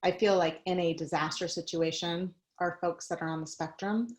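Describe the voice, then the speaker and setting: Conversational woman speaker, slightly low voice. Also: steady tone, moderate pace, poor audio. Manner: conversational, personal stories, light laughs. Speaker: guest speaker. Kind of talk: presentation on a video call.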